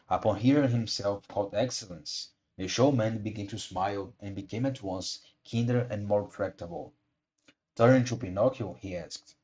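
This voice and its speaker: A man with a fairly low voice reads a storybook aloud at a measured pace. He sometimes slips over a word and reads the line again. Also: darkish tone. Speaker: audiobook reader. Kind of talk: storybook narration.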